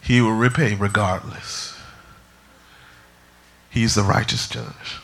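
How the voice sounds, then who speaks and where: Animated preacher man with bright voice. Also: on the low side, slow pace, creaky. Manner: animated, humorous storytelling preacher. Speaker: pastor. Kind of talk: sermon.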